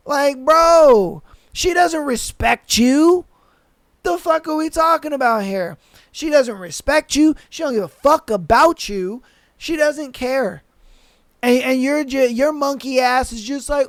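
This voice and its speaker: A man's voice: very high voice, lively intonation, unhurried, no echo, clean studio sound. A man hosting a podcast who gives blunt, profane advice in a rant full of slang and repeated lines. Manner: slangy, says bro a lot. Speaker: podcast host. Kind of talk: ranting advice commentary.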